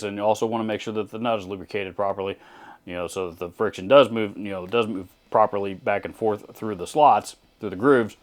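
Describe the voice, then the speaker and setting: Male host from Texas, mid-pitched voice, blunt and sarcastic, rambling casual commentary. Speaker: channel host reading viewer comments.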